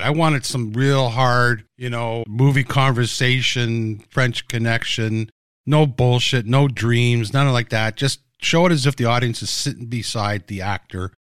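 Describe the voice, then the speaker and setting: A man telling behind-the-scenes stories in a blunt, animated way, cursing freely. His voice sits at a middle pitch and sounds dry and close, with little room sound. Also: moderate pace, dry recording. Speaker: TV series creator. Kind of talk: casual reminiscing chat.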